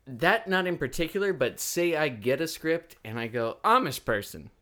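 A man's voice: fairly high pitch, lively intonation, normal speed, fairly bright tone. A man who is an actor, chatting as a guest on a comedy podcast in an easygoing, rambling way with frequent laughs. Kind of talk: casual comedy podcast chat.

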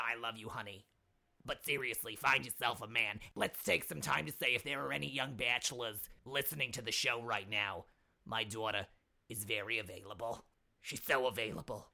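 A man putting on a loud, brassy older mother who hosts her own advice corner, gossipy and indignant and forever saying "seriously". Her voice is gravelly, with a bright, cutting edge. She calls everyone "my dears" and turns every question back to her own troubles. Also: mid-range voice, full character voice. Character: brassy older woman advice-giver, doting nagging mother. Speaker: advice segment host. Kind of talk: comedy character monologue.

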